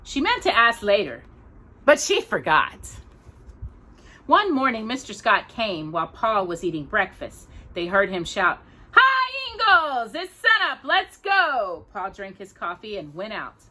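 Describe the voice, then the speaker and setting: Woman reading a storybook aloud, expressive, bright voice, lots of ups and downs. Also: medium pitch. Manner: gentle and expressive, pausing for coughs. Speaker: storytime host. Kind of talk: reading aloud a children's novel.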